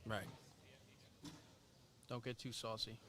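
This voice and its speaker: A man giving playful color commentary and quick reactions beside a cornhole match. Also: fairly low pitch, flat delivery, slight background noise. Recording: loud crowd at a live match.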